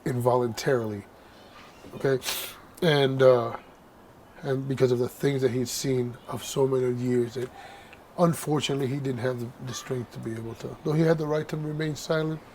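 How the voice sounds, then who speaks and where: A man in an interview telling candid stories, keeps adding "right?" and gets animated. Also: mid-range voice, moderate pace, slight background noise. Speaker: interview guest, copwatcher.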